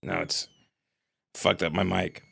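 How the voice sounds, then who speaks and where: Bright-voiced man ranting on a livestream. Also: low-pitched, flat delivery, slow, gravelly, husky. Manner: profane, exasperated ranting; shouts at times. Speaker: livestream host. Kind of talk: casual ranting monologue. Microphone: desk mic.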